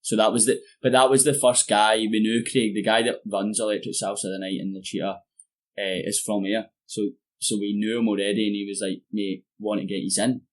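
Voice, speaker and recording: Scottish man, casual podcast chat, slightly low pitch, loose sweary storytelling. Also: flat delivery, fairly quick. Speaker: guest musician. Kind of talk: casual chat over beers.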